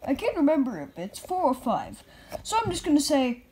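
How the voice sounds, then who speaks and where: A woman hosting a playful puppet news skit, excitable and bursting into shouts, with faint noise behind. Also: high voice, normal speed, poor audio. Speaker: host of a puppet news video.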